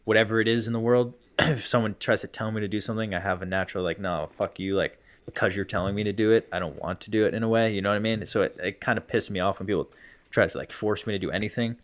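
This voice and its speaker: رجل شاب يحكي قصة بأسلوب متشعب، صوت منخفض قليلاً. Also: male voice, on the low side, fairly even intonation, fast talker. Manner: rambling storyteller, many fillers like "whatever" and "blah, blah". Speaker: podcast co-host, hockey player. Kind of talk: casual podcast chat.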